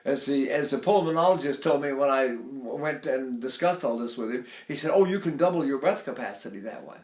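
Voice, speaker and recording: A man's voice: fairly quick, a little mellow. An older man teaching vocal technique, stopping to demonstrate sighs and sung phrases. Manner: demonstrates by sighing and singing phrases high. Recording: echoey room.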